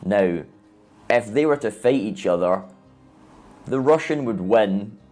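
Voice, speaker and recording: A man calmly explaining why fighters are matched by weight, in a measured way. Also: lowish voice. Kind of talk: explaining combat sports.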